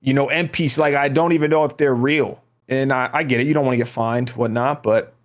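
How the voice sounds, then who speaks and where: A man's voice: mid-range voice, fairly even intonation, a little fast. A man hosting a casual podcast, talking in a loose, rambling way and passing questions to his co-hosts. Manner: rambling, hesitant, full of restarts. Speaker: podcast host.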